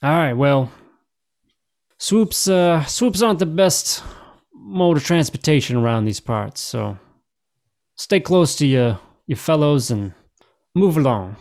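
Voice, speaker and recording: A man voicing a brusque officer at a checkpoint in a tabletop game, high and clipped. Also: animated, slow, a little mellow. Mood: officious.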